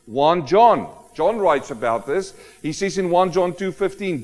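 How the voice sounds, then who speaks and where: Man, preacher, sermon, emphatic, rhetorical questions, somewhat high voice, long hall echo. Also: unhurried, few pauses. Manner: animated and emphatic, asks the congregation rhetorical questions.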